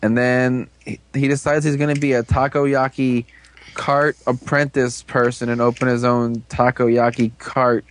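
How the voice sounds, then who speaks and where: A man casually recapping a TV episode, rambling and joking with quick asides. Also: mid-range voice, flat delivery. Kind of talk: casual chat.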